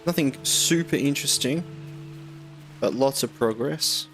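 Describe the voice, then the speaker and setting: A man's voice: medium pitch, unhurried, fairly bright tone, faint music behind. A young man chatting casually while streaming a game, rambling and answering chat.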